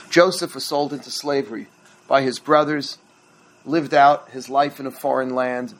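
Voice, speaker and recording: A middle-aged rabbi with a gravelly, creaky edge to a voice of ordinary pitch. He teaches in a relaxed, storytelling way and checks in with his listeners as he goes. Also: rough recording. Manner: conversational storytelling, quizzes the audience. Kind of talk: teaching a holiday workshop.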